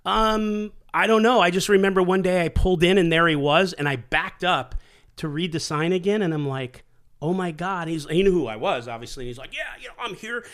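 A man's voice: high-pitched, brisk, fairly bright tone. A middle-aged man hosting a talk show, talking bluntly and emotionally with constant swearing. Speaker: podcast host. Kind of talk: heated casual conversation.

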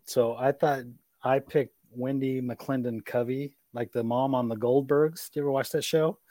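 A man's voice: mid-range voice, steady tone, moderate pace, warm tone, no room sound. A man in a casual podcast chat with a middle-range voice. He stumbles and repeats words as he goes. The sound is dry, with no room around it. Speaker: podcast co-host.

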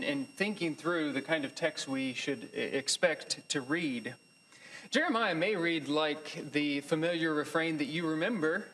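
A man with a somewhat high voice teaches a Bible class. He speaks thoughtfully and haltingly, often restarting his sentences and filling pauses. A faint hum sits in the background. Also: a bit bright, low-quality recording. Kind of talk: lecture.

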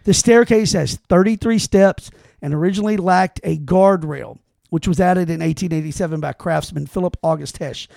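A man co-hosting a casual podcast, reading an article aloud in a halting way with restarts and exclamations. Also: high-pitched, gravelly, a little mellow, no echo, studio quality. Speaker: podcast co-host.

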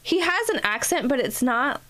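A woman's voice: high voice, animated, pushed and bright. A woman from California co-hosting a podcast in casual chat, curious and asking her guests questions. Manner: slow, curious, asks questions. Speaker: podcast co-host.

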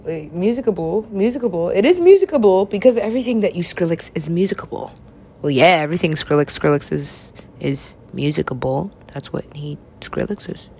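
A woman's voice: medium pitch, darkish tone. A young woman in casual chat with friends, rambling, laughing often and swearing freely.

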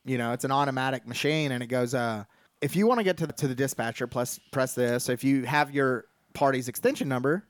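A man's voice: medium pitch, brisk, dry recording. A man, a podcast co-host from Texas, telling a story in casual chat among friends and acting out a phone call with lots of swearing. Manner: animated retelling, acting out both sides of a phone call, swearing freely.

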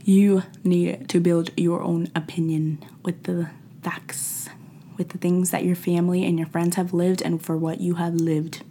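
Young woman host, low gravelly voice, emphatic casual motivational talk. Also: a little slow, slight background noise. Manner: animated, emphatic, slangy, laughs often. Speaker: podcast host.

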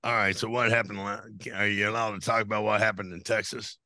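A low-pitched man with a gravelly edge, hosting a podcast. He asks casual questions and answers with short, laughing reactions. His tone is bright and sharp, and the sound is close and dry. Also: flat delivery, fast, dry recording. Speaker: podcast host. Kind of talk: casual interview chat.

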